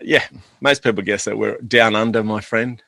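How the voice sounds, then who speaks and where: A man from Australia with an Australian accent, a guest on a podcast, boisterous and matey and quick to laugh. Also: fairly low pitch, steady tone, vocal fry, sharp tone, no room sound. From Sydney, Australia. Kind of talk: casual interview chat.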